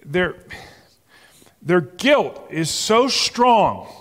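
A male pastor preaches slowly and deliberately, stretching his phrases. His pitch swings widely as he builds to emphatic points. His voice rings out with the long reverb of a large church sanctuary. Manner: slow, emphatic, rising to animated exclamations. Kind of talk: sermon.

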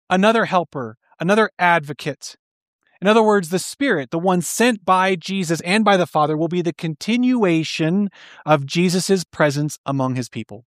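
A man preaching a sermon in an earnest, questioning way, explaining slowly and restarting phrases. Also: a little high, no echo, studio quality. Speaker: pastor.

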